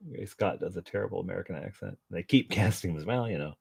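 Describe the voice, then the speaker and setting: A man's voice: low voice, quick pace, creaky, few pauses, breathy edge. A man chatting casually to his viewers while painting at home, joking about himself and chuckling often. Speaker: painting vlogger.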